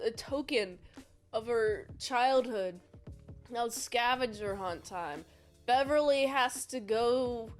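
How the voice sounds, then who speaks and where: A woman with a high voice talks slowly through a casual movie recap. She rambles, cracks jokes and pokes fun at herself. Soft background music plays underneath her. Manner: rambling, jokey and self-deprecating. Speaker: movie reviewer.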